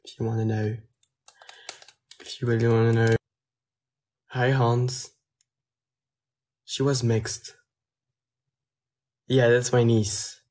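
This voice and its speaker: Young man, slow and relaxed, phone livestream chat from his kitchen, answering comments. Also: medium pitch. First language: Dutch. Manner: relaxed, reads viewer questions aloud and answers them. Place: home kitchen.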